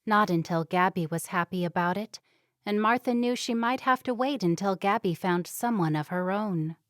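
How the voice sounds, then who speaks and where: A woman reads a romance novel aloud in an even, measured way, with a mid-pitched voice. The recording is dry and close. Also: no echo. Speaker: audiobook narrator. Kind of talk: scripted narration.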